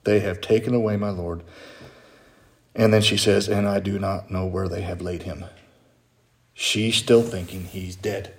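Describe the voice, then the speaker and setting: A middle-aged man, a pastor, preaching a sermon in a chatty way and putting questions to his congregation. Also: lowish voice. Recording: echoey church room.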